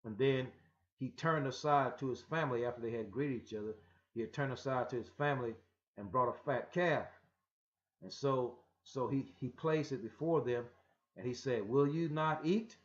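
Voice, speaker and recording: A man's voice: mid-range voice, normal speed, fairly bright tone. Guy preaching scripture, rambly, stammers and restarts, muffled lo-fi audio. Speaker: religious teacher.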